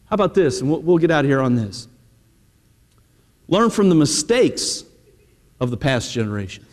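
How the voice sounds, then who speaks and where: Preaching from the pulpit, a middle-aged pastor speaks in a voice that sits high for a man, slightly mellow with big pitch swings. His sermon is conversational and direct, leaning again and again on a quick "hey," while the sanctuary's long reverb lingers.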